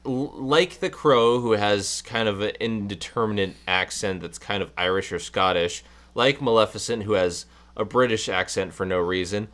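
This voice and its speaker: A man's voice: on the low side, normal speed, hardly any pauses, fairly bright tone. A man co-hosting a casual film review chat, talking with hesitant, stammering restarts. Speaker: podcast co-host.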